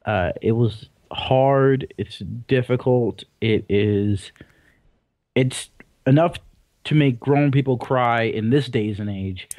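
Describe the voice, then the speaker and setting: A man's voice: medium pitch, slow, darkish tone, dry recording. A young man co-hosting a casual gaming podcast, rambling and teasing in a laid-back way. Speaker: podcast co-host.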